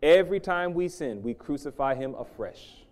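A man's voice: on the high side, lively intonation, normal speed. Man preaching a dramatic sermon. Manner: dynamic, swinging from loud emphasis to hushed intensity.

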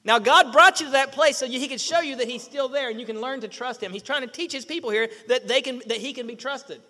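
A middle-aged man preaches with a very high, bright and forceful voice. He acts out little quoted voices and peppers the congregation with rhetorical questions. The sound rings with long reverb, as in a church hall. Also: quick pace. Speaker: pastor. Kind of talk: sermon.

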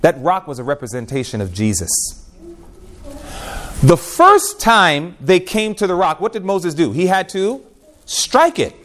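A man preaching a sermon with emphasis, moving between quiet passages and loud rhetorical questions. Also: on the high side, big pitch swings, unhurried.

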